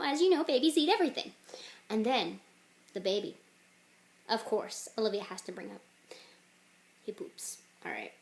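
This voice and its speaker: A woman casually pitching a game idea, rambling with jokey asides. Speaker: channel host.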